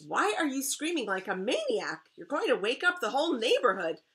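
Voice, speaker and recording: A woman's voice: high-pitched, huge pitch swings, brisk, fairly bright tone, voice pushed up, heavily acted. A woman voicing a stern, exasperated father who scolds his child in a read-aloud storybook. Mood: scolding. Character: exasperated dad, stern and tired.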